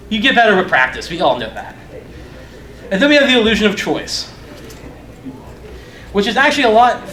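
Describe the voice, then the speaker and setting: A man's voice: high-pitched, a bit bright. A young man giving a casual conference talk, loose and profane, joking at his own expense. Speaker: conference speaker. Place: conference hall. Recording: echoey conference room.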